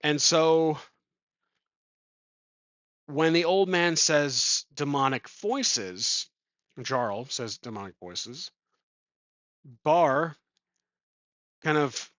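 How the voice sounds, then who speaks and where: A man's voice: a little high, expressive, very slow, pauses often, fairly bright tone, no room sound. A man playing a tabletop game alone, making it up as he goes and thinking aloud with many ums. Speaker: solo tabletop game player. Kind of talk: improvised game narration. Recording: dull lo-fi sound.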